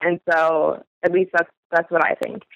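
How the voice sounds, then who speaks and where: An earnest podcast host tells a personal story, pausing and restarting as the thoughts come. The voice is bright and forceful, close and dry. The audio is a little dull and lo-fi. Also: mid-range voice, little pitch movement, vocal fry, no echo. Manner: earnest, halting, thinks aloud, frequent "like".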